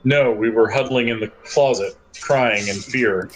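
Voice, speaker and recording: A man's voice: mid-range voice, unhurried, background noise, voice pushed down, natural voice. A man playing a shaken ancient vampire. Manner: hushed, shaken and hesitant. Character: ancient frightened male vampire elder.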